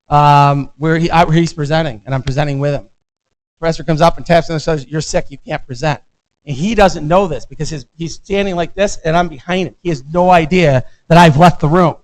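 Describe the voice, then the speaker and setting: A man's voice: on the high side, low-quality recording. A middle-aged American man giving a lecture as a visiting professor, in a conversational way that keeps checking in with the class. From United States.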